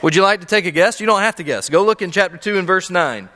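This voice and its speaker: Bright-voiced man preaching in a hall. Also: high-pitched, animated, fast. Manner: earnest, emphatic preaching with rhetorical questions. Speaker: pastor. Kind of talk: sermon. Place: church sanctuary with a live audience. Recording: long hall reverb.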